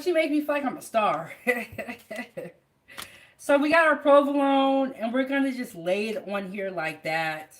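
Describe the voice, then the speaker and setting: Chatty high-voiced woman cooking at home. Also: fairly bright tone, a little hiss or hum. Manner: chatty, talks straight to viewers. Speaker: home cook hosting a cooking show. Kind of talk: casual live cooking chat. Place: home kitchen.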